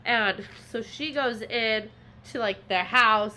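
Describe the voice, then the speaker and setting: A woman's voice: a little high, takes it slowly, pushed and bright. A woman co-hosting a podcast, retelling a book's plot in casual chat with lots of filler words. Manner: rambling retelling with many fillers. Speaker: podcast co-host.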